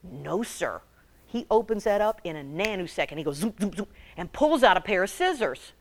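Animated woman telling funny stories. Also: mid-range voice, a little fast. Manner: animated, laughing as she tells stories. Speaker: speaker at a women's meeting. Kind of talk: humorous storytelling talk.

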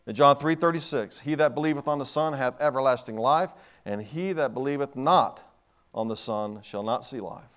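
A middle-aged man preaching a sermon, swinging from quiet asides to loud bursts, with frequent restarts. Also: medium pitch, normal speed. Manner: dynamic, swings from soft to loud, many restarts.

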